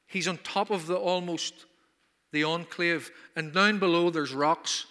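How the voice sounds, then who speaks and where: A man's voice: a little high, a little slow, pushed and bright, long reverb tail. A man preaching a sermon at a conference, emphatic and full of rhetorical questions. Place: conference hall.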